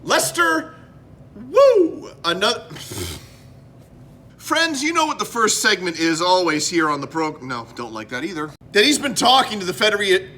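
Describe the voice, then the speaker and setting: A man from Canada hosts a casual show-and-tell of his collectibles, rambling and cutting himself off mid-thought. His voice sits high and swings widely in pitch, with a bright, sharp edge. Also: sing-song, normal speed. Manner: rambling, self-interrupting, chatty. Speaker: host.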